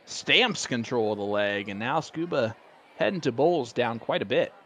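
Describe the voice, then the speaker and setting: An excitable male commentator calling a darts match live. He talks in a chatty, joking way at a middling pitch, with faint noise underneath. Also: moderate pace.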